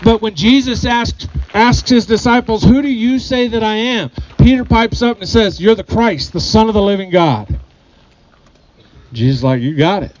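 A man's voice: high-pitched, moderate pace, a little mellow, muffled recording. A man preaching a sermon to his congregation, earnest, often repeating phrases and putting questions to the people. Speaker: pastor.

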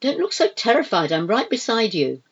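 A woman reading as a calm, steady priest. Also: a little high, normal speed, husky, distant mic, highs cut off, pitched above the performer's own voice, heavily acted. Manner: calm, directive, quietly instructing.

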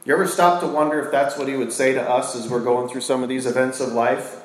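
Pastor preaching in an echoey church. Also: male voice, medium pitch, fairly even intonation, quick pace. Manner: asks the congregation questions, swings between loud and hushed. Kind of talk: sermon. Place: church hall with a congregation.

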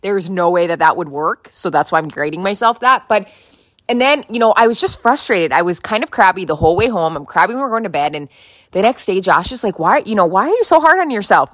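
Young woman podcaster rambling through a story, kinda low voice, close dry mic. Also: animated, brisk, fairly bright tone, dry recording. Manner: chatty, storytelling with filler words and restarts. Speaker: podcast host. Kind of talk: casual solo podcast chat.

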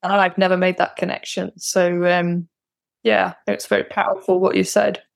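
A woman's voice: fairly low pitch, flat delivery, moderate pace, vocal fry, dry recording. A woman, a guest talking candidly and reflectively about her experience, with hesitant restarts. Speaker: guest, client. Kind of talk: personal conversation.

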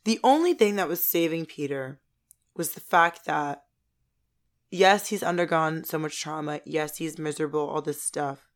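A woman in her twenties co-hosting a podcast, chatting in an excitable, ranting way and swearing a lot. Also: low voice, normal speed. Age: 20s. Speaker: podcast co-host. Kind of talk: casual chat.

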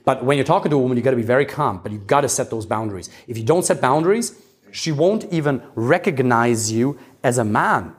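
Fast-talking guy coaching a crowd, voice jumping all over, pretty high-ish. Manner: animated, emphatic, swings between loud and calm. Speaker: dating coach. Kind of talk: live talk to a small audience.

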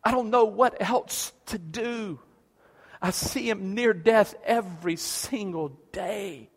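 A man's voice: high voice, slow, husky, long reverb tail, pitched above the performer's own voice, full character voice. A man preaching acts out a desperate father begging for help for his sick son, pouring out stammering, pleading words.

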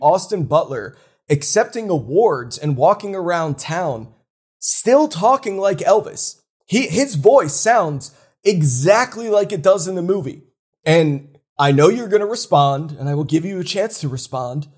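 A man co-hosting a casual chat, animated and opinionated, getting worked up for fun. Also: high-pitched, measured pace, breathy edge. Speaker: co-host.

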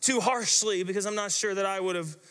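A man's voice: sits high, brisk, fairly bright tone, clean tone, in a large hall. A man preaching a sermon as pastor, telling the story in a dramatic, vivid way.

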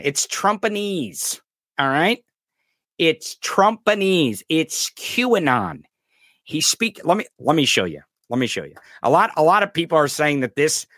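Male host with a high, bright voice, delivering sarcastic, profane political rants. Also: no echo, studio quality. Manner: profane, angry and sarcastic ranting. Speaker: podcast host. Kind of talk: political commentary rant.

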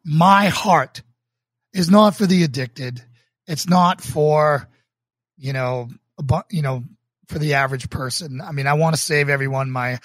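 Earnest, halting pastor from Boston, slightly high. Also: male voice, dry recording, clean studio sound. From Boston, United States. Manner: earnest and emotional, halting with restarts. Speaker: pastor and show host. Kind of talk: livestreamed casual talk leading into a sermon.

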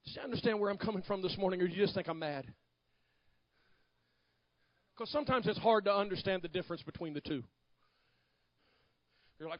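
Fiery high-voiced preacher man. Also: very animated, a little fast, pauses often, dry recording, lo-fi sound. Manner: fiery preaching, swinging from hushed to shouting. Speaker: pastor. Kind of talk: sermon.

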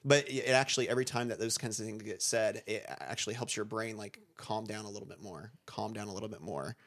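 A man's voice: lowish voice, quick pace, fairly bright tone. A man co-hosting a podcast, talking through ideas in a thoughtful, meandering way with many restarts and fillers. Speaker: podcast co-host, school staff. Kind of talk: casual conversation.

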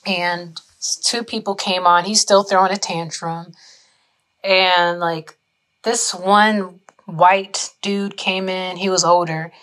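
Speaking slowly in a fairly low voice, a young woman animatedly recounts a story in a casual vlog. Curse words and the filler "like" run all through her speech.

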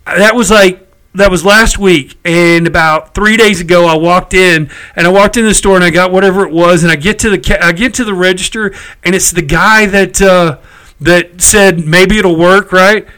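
A man's voice: high voice, steady tone, normal speed, bright, forceful tone, clean tone, poor audio. A middle-aged man, telling a story in casual chat, exasperated and cursing freely. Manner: chatty, exasperated, salty language.

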